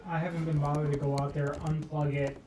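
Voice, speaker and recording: A man playing in a tabletop game stream, chatting excitably and swearing freely from home. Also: on the high side, fast, crowd noise. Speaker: player. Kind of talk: casual chat on a live tabletop stream. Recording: roomy, distant mic, faint noise.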